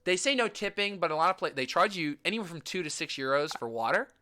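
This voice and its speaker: Bright, animated young man ranting about travel. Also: fairly high pitch, quick pace. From United States. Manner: animated, gushing, swears casually. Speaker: vlogger. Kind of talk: casual travel recap chat.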